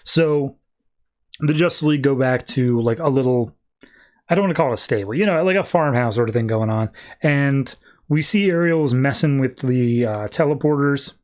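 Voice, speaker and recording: A man's voice: medium pitch, normal speed, darkish tone. A man hosting a podcast, casually retelling a plot in a loose style full of fillers. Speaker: podcast host. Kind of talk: casual comics recap.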